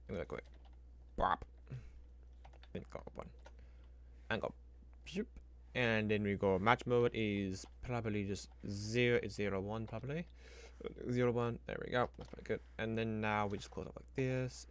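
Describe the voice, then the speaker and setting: A man's fairly low, clear, resonant voice narrates a stream of him building a spreadsheet. He thinks out loud casually and rambles, talking to the computer and making little sound effects, while keys type and click behind him.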